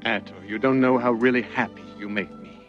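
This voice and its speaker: A man's voice: mid-range voice, fairly even intonation, a little fast, close to an everyday voice. An actor playing a stern fatherly village elder in an old film, speaking in a declaiming, emphatic way. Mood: joyful. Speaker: film character. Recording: dull old film soundtrack with music. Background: film score.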